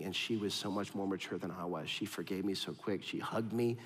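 A man's voice: deep voice, brisk. A pastor in his thirties preaching a conversational sermon, telling stories against himself and speaking straight to his listeners. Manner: storytelling, self-deprecating, direct address to the congregation. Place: church auditorium. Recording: long reverb of a large hall.

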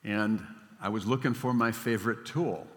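An older man preaching a sermon in a storytelling manner, swinging between emphatic lines and hushed ones. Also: fairly low pitch, normal speed. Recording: long hall reverb.

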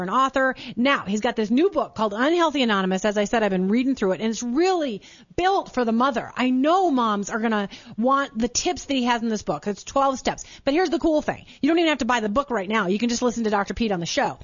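A woman's voice: fairly high pitch, dry recording. A woman from Minnesota hosting a talk show, gushing and enthusiastic and laughing often. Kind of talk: casual talk show interview. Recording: dull muffled broadcast audio.

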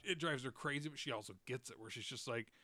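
A man hosting a podcast in casual chat, talking fast with frequent stammers and restarts. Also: medium pitch, pushed and bright, dry recording. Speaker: podcast host.

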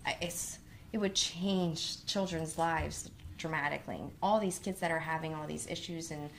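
A woman who teaches kindergarten, telling stories in a casual conversation and talking with animated swings in pitch. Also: gravelly, slight background noise. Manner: animated storyteller, quick rises in pitch.

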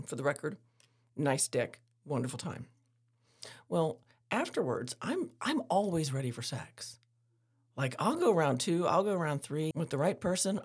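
A woman's voice: low-pitched, a little mellow, husky. A woman hosting a podcast, telling a candid story in a frank, casual way and laughing often. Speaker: podcast host.

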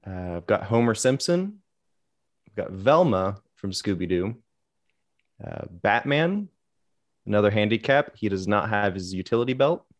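A man with a fairly low voice works through a list at an easy pace on a casual podcast. His delivery is steady and matter-of-fact, with small asides. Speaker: podcast co-host reading a list. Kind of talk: casual chat.

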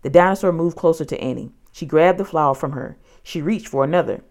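A woman narrating a children's storybook in an expressive, dramatic way. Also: low-pitched, brisk.

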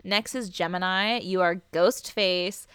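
A woman's voice: lowish voice, steady tone, unhurried, fairly bright tone, smooth, no echo, studio quality. A woman co-hosting a podcast in casual chat, crude and playful, laughing often. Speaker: podcast co-host.

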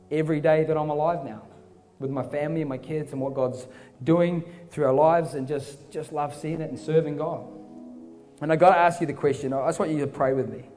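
A preacher telling his story in a fervent, casual manner. His voice sits fairly high with a mellow tone. A long-echoing hall carries it, with faint music underneath. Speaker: pastor. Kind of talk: sermon. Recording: reverberant hall with soft music.

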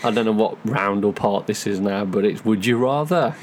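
A woman's voice: extremely low pitch, normal speed, darkish tone. A woman co-hosting a casual chat podcast, laughing often and putting on playful voices. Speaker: podcast co-host.

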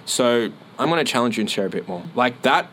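A man talking as a coach in a casual podcast conversation, animated, acting out little dialogues and swearing casually. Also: medium pitch, a little fast, a little hiss or hum, low-quality recording.

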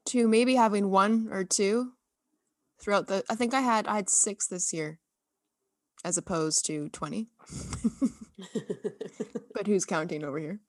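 A woman's voice: mid-range voice, slow pace, pauses often, dry recording, studio quality. A woman in her thirties co-hosting a podcast, chatting casually and laughing at herself as she teases her friend. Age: 30s. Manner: giggly, teasing, self-mocking. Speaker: podcast co-host. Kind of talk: casual chat.

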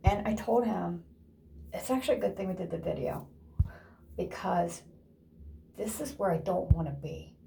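A woman's voice: on the low side, animated, normal speed, gravelly, pauses often, dark tone, a little hiss or hum. A woman talking casually to camera in a rambling, chatty way, laughing often and sometimes dropping to a whisper. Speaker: vlogger. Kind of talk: casual vlog chat.

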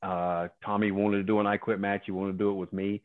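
Man in his 50s, low-pitched, phone-line guest spinning colorful, profane wrestling yarns, dry sound. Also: fast, no echo. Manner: profane, animated, acts out other people's lines. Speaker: guest, former pro wrestler. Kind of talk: casual storytelling.

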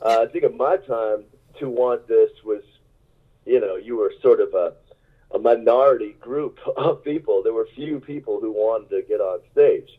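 Musician rambling over a tinny line. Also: male voice, lowish voice, normal speed. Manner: rambling, self-mocking, laughs often. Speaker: musician guest. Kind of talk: casual interview anecdotes. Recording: tinny phone-like radio line.

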